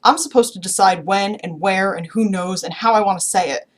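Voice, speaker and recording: A woman's voice: mid-range voice, brisk, lightly acted. Brief: a woman voicing a bitter, sweary teenage boy, angry and hurt, read from a novel.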